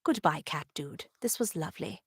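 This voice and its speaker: A woman's voice: on the low side, expressive, normal speed, creaky, husky, dry recording, studio quality. A voice actress with a New Jersey accent chatting casually with viewers on her livestream, bubbly and full of laughs and "like"s. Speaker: voice actor hosting a signing stream.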